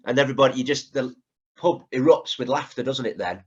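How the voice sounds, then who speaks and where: A man chatting on a podcast over a video call, his voice at an everyday middle pitch. The sound is slightly dull and lo-fi. He retells scenes and keeps checking that the others agree. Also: fairly quick, husky. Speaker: podcast co-host. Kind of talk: casual chat.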